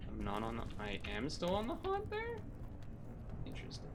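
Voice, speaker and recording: A man's voice: sits high, huge pitch swings, moderate pace, background noise. A young man streaming a video game, grumbling, swearing and talking to himself about his frustrations. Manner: frustrated, swearing, muttering then exclaiming. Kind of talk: live gameplay commentary. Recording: faint game music behind.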